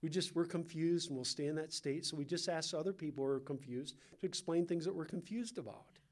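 Speaking fairly quickly in a slightly high voice, this Californian-accented pastor walks through a Bible passage in an easygoing, chatty style, tossing in asides and questions for the audience.

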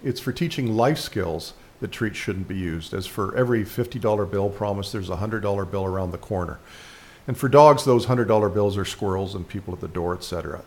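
A man's voice: fairly low pitch, slight background noise. A man speaking as a dog trainer, giving casual instructional commentary with frequent fillers and restarts.

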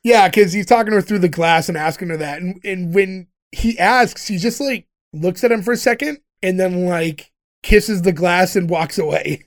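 High-voiced man recapping with quick laughs. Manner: chatty, laughs often while retelling scenes. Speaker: podcast host recapping a TV episode. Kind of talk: casual chat.

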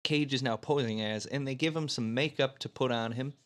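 A man's voice: mid-range voice, fairly quick. A man casually recapping a movie plot on a podcast, laughing often and leaning on filler words. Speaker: podcast host.

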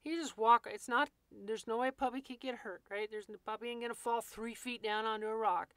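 A woman's voice: a little high, steady tone, fairly quick, fairly bright tone, dry recording. A woman walking listeners through a scene step by step in a vivid, folksy teaching manner, speaking to them as "you". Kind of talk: guided walkthrough talk.

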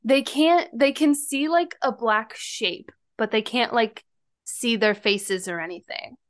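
A woman's voice: on the high side, measured pace. A woman podcast co-host casually retelling a true-crime story with lots of fillers. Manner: retelling events with frequent fillers.

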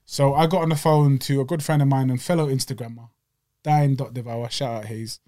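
A young man co-hosting a podcast, telling stories in casual slang and getting louder as he gets riled up. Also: mid-range voice, brisk. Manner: animated storytelling with slang, voices rising when riled. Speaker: podcast co-host. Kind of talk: casual chat. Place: small home studio.

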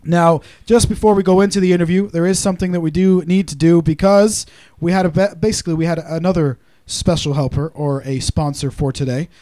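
High-voiced joking podcast host. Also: male voice, fairly even intonation, a little fast, hardly any pauses, mellow. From Canada. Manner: joking, playful banter. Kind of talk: casual chat.

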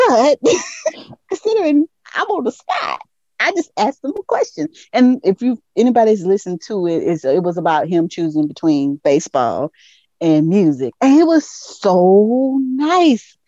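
A woman co-hosting a podcast, telling a story in an animated way with lots of laughter and quoted voices. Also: medium pitch, unhurried, dry recording, highs cut off. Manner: animated storytelling, laughs often, lively quoting. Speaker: podcast co-host. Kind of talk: casual chat. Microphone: headset.

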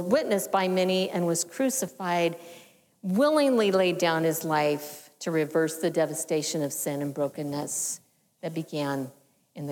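A woman teaching a church audience in a measured, explanatory way, letting her voice sink softly at the ends of phrases. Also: medium pitch. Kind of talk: sermon teaching. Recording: long hall reverb.

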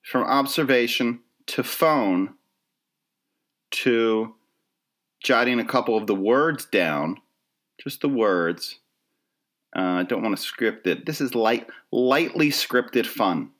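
A man's voice: mid-range voice, expressive, slow pace, pauses often, fairly bright tone. A middle-aged man hosting his own podcast, delivering a rambling comedic monologue full of self-deprecating, wry asides. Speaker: podcast host.

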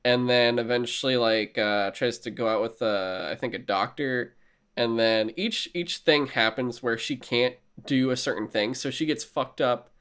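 A man chatting casually, eager and quick to laugh, with casual swearing. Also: mid-range voice, fairly bright tone, smooth. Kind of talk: casual chat.

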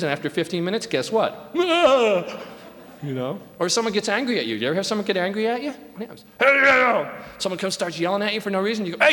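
High-voiced man chatting to a crowd. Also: fairly bright tone. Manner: chatty, asks the crowd questions, many fillers. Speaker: speaker addressing a live audience. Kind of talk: conversational talk to an audience. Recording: long hall reverb, faint guitar.

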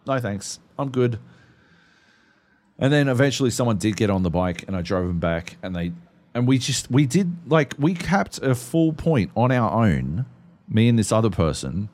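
Man with a lively, swearing ramble. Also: on the low side, normal speed. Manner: profane, rambling storyteller. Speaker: podcast co-host. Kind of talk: casual chat.

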